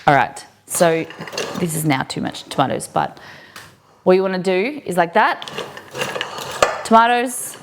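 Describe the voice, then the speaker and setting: A woman's voice: on the low side, sing-song, unhurried, pauses often, noisy background. An Australian woman streaming while she cooks, chatting casually and answering viewers' comments as she goes. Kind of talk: live-stream cooking chat.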